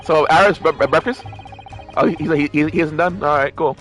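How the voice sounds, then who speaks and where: A man's voice: a little high, normal speed, a bit bright, faint music behind. A man streaming a game, reading its dialogue aloud and making playful, joking asides.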